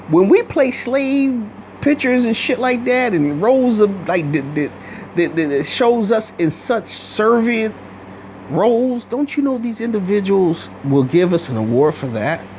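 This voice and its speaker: High-voiced man ranting bluntly. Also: sing-song, a little slow, darkish tone, a little hiss or hum, low-quality recording. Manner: blunt, profane, rambling, with many restarts. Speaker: video commentator. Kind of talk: unscripted commentary rant.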